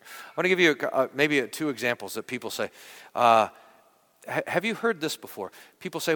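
A male pastor preaching in a lively, conversational way, circling back and repeating words as he thinks aloud. His voice sits a little high and sounds bright and forceful. A long reverb from the church space trails after each phrase. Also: brisk. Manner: conversational, animated, many restarts and repeated words. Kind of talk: sermon.

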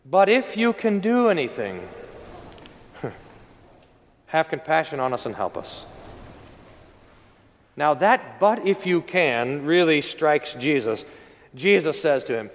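A man with a slightly high voice preaches as pastor, retelling the story and briefly acting out its voices. His words ring out with a long reverb, as in a church. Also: sing-song, slow pace, pauses often. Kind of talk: sermon.

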